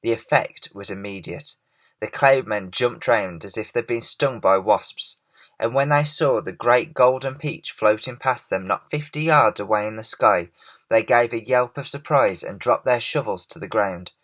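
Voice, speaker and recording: A man reading a children's storybook aloud in an expressive, measured way. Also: on the low side.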